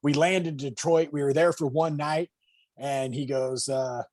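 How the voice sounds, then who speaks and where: A man telling stories as a comedian guest, animated and acting out what people said. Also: a little high, a little slow, no room sound. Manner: animated, acts out quotes. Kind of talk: podcast storytelling.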